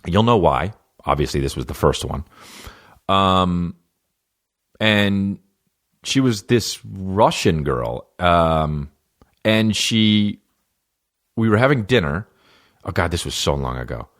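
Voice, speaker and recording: A man's voice: sits low, lively intonation, slow pace, long pauses. A man hosting a solo comedy podcast, reading out fan questions and riffing in a profane, sarcastic way. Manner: profane, sarcastic, jumps into mocking voices.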